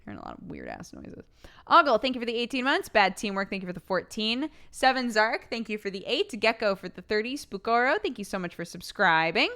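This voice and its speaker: A woman's voice: fairly high pitch, lively intonation, a little fast, few pauses, pushed and bright. A woman streamer with a sore throat, chatting casually with her audience, giggly and swearing freely.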